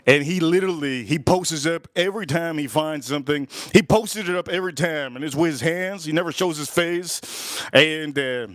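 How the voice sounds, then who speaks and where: A man hosting a livestream in a rambling, chatty storytelling style, with a voice that sits a little high. He repeats himself, restarts sentences and retells conversations with "he goes" and "I go." The sound is dry, with no room echo. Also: moderate pace. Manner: chatty and loose, with restarts and self-corrections. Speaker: livestream host.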